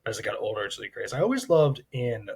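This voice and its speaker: A man talking casually on a podcast as a co-host, in thoughtful, drawn-out phrases. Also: on the low side, sing-song, vocal fry, darkish tone, husky.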